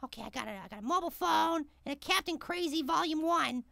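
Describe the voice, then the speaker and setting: Midget Apple, a squeaky tiny apple guy. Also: animated, fast, creaky, noisy background, heavily acted. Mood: excitable. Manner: hyper, exclaiming, talks to viewers. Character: tiny excitable male apple gamer. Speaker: let's play host. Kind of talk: let's play commentary.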